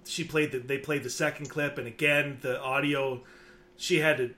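A man co-hosting a podcast, talking casually in a halting way with many restarts and fillers. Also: mid-range voice, fairly even intonation, pushed and bright. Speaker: podcast co-host. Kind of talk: casual chat.

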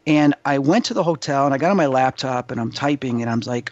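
A man being interviewed as a psychic medium, telling his story with animated emphasis. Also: mid-range voice, quick pace, dry recording. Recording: dull dry lo-fi sound.

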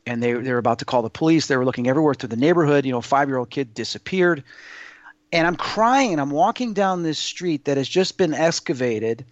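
A man's voice: fairly high pitch, animated, a little fast, dry recording, lo-fi sound. A man telling personal stories in a casual interview, earnest and rambling, with many fillers and restarts. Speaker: guest sharing personal experiences. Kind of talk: casual spoken storytelling.

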